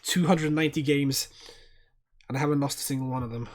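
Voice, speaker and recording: A man hosting a football watchalong livestream, giving casual live commentary, chatting to viewers and bursting into loud, sweary outbursts. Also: medium pitch, a little fast. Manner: excitable, swears a lot, erupts in loud outbursts at fouls; chats to viewers by name, reads chat aloud.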